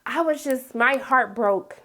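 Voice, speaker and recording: Sassy, animated woman recapping a show. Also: high voice, slow pace. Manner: sassy, dramatic, talks straight to viewers with repeated "okay?". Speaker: TV recap host.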